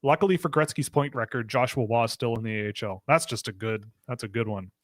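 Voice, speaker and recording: A man's voice: medium pitch, fast talker, no echo. A man from Britain hosting a casual live stream, joking and laughing as he reads out chat questions. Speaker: podcast host.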